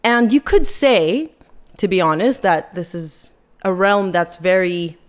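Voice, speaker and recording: A woman's voice: fairly low pitch, measured pace, smooth. Sarcastic woman podcast host. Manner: sarcastic, critical, chatty. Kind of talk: casual opinion commentary.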